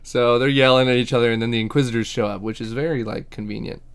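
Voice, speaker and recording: Man, podcast co-host, casual chat, profane, joking, smooth resonant voice, mid pitch. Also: steady tone, fast talker. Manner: profane, joking, acts out characters' lines. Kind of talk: casual chat recapping a TV episode.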